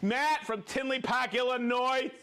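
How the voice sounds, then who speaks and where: A man hosting a live stream, joking and reading out viewers' names with excited whoops. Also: very high-pitched, unhurried, slight background noise. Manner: upbeat, jokey, reads viewer names with whoops. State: recovering from a cold. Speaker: livestream host.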